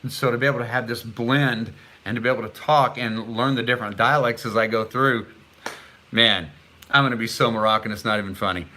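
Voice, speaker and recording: A middle-aged man talks on a casual live stream, chatting with viewers and reading their comments aloud. His voice sits at an average pitch with a bright, forward tone. He stumbles through foreign words, trying them slowly and haltingly. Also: steady tone.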